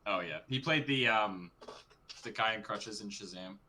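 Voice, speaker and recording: Jeune homme à la voix grave mais brillante, co-animateur de podcast, qui ponctue de courtes remarques. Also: male voice, fairly low pitch, moderate pace, bright, forceful tone, slight background noise. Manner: brief interjections, chuckling. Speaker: podcast co-host. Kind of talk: casual chat.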